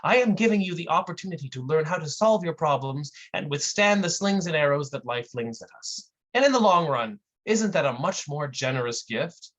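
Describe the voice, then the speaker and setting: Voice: medium pitch, lively intonation, fairly bright tone. A performer as a smug self-help preacher. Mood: condescending. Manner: slow, condescending, lecturing. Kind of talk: comic performance piece.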